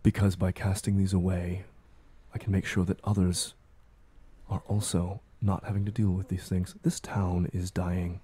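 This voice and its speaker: A man voicing a calm, cold woman mind mage in armor, in a tabletop horror game. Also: low-pitched, moderate pace, slightly rough.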